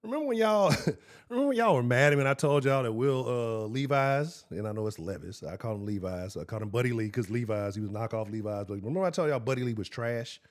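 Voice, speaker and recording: Animated, profane man hosting a sports stream. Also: medium pitch, fast. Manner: profane, heated and animated, talks to chat directly. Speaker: sports show host. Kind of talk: live-stream sports talk.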